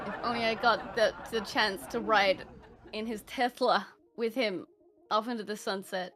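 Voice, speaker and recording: Music and crowd noise sit in the background as an Irish woman, a guest on a stream via a home voice call, performs a mock eulogy in casual chat. She swears heavily and keeps breaking into laughter, speaking at a moderate pace with medium pitch and fairly even intonation.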